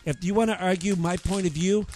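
A man's voice: sits high, steady tone, brisk, a little mellow, faint music behind. A man hosting a political talk radio show, ranting heatedly with many fillers.

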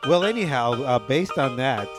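A middle-aged man co-hosting a radio show, laid-back and laughing often, dropping Spanish phrases into casual shout-outs. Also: mid-range voice, lively intonation, moderate pace, music in the background.

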